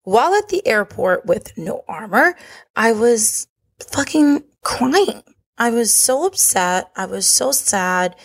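A woman hosting a podcast, telling a personal story in a candid, profane, confessional way. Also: medium pitch. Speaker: podcast host.

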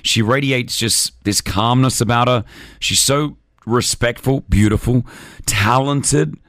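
A man's voice: medium pitch, a little slow, a bit bright, no room sound, studio quality. A man hosting an entertainment show, introducing guests in a playful, upbeat way. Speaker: show host.

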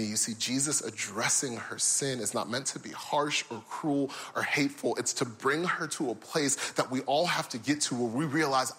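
A young man delivering a sermon in a high, bright voice. He tells the story vividly, leaping up into loud, excited character voices and then dropping low and soft for reflection. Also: moderate pace, hardly any pauses, slightly rough. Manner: animated storytelling, voicing characters with big pitch swings. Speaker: pastor.

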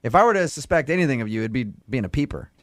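A man who is a radio host making a prank phone call in a blunt, needling, deadpan way, recorded in a studio. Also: mid-range voice, very fast, dry recording.

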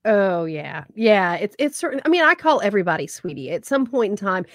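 A woman co-hosting a podcast in casual chat, animated, acting out quotes and laughing often. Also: medium pitch, fairly quick, dry recording, clean studio sound. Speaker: podcast co-host.

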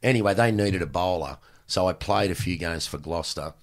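An Australian man in his sixties, a former cricketer, telling animated stories in casual chat and swearing freely. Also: deep voice, fairly quick. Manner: animated, acts out exchanges in raised voice, swears freely. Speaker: podcast guest, former cricketer.

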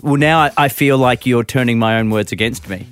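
A man's voice: medium pitch, a bit bright, clean tone, faint music behind. A man, hosting a radio show with playful, joking banter. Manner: playful, joking, quick asides. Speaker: radio host.

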